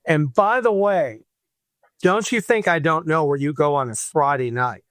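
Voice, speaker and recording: A man voicing his dramatic, high-strung mother with theatrical outbursts. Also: a little slow, dry recording, studio quality. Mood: accusing. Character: dramatic, high-strung middle-aged mother, easily upset.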